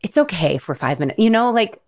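A woman's voice: mid-range voice, very animated, a little fast, darkish tone. A woman in her thirties hosting a podcast, telling an emotional story in a casual, earnest way with lots of quoted dialogue. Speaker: podcast host.

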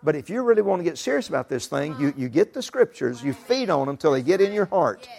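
A man's voice: on the high side, very animated, quick pace, gravelly. A middle-aged man preaching a sermon in a folksy, emphatic way. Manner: folksy, emphatic, rising to shouts and laughter. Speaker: pastor.

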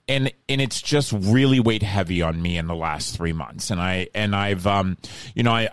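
Casting: man, fifties, lowish voice, dry close mic, heartfelt rambling host. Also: no room sound. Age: 50s. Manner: rambling, emotional, many restarts and fillers. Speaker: charity founder and host. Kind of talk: casual talk show chat.

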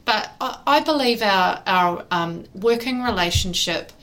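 A woman's voice: mid-range voice, lively intonation, unhurried, a bit bright, poor audio. Kiwi businesswoman, earnest and chatty, jumps in over her partner. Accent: New Zealand. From New Zealand. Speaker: recruitment business co-owner, guest. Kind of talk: casual interview chat.

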